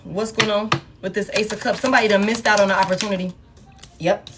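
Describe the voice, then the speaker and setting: A woman's voice: mid-range voice, fairly even intonation, fast, noisy background. A woman giving a casual, blunt and profane tarot reading to her viewers, laughing often. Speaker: tarot reader.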